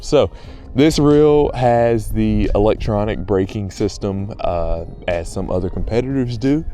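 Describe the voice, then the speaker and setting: A man chatting casually and excitedly to viewers outdoors by a pond while fishing. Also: fairly low pitch, moderate pace, faint music behind. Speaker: fishing vlogger. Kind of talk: casual on-the-water vlog chat.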